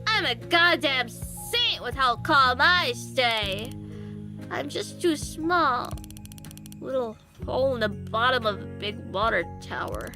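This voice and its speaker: A woman's voice: high-pitched, animated, slow, exaggerated voice. A woman voicing a small, hot-tempered female homicide cop who talks in a blunt, irritable way, with faint music behind. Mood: indignant. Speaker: visual novel character.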